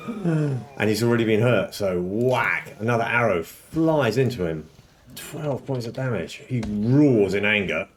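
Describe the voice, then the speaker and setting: A man running a tabletop game as game master, relaxed and chuckling, often clearing his throat. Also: medium pitch, slow, slight background noise. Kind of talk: narrating a tabletop game over a call.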